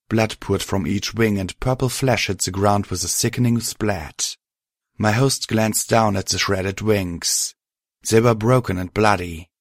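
Male storybook narrator, deep-ish voice, dry close sound. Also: dry recording.

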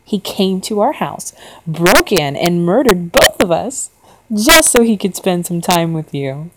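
Woman doing an eerie falsetto mother. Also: big pitch swings, unhurried, noisy background. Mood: eerie scolding. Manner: scolding, sing-song menace. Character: eerie mother, unnatural falsetto, cold and scolding.

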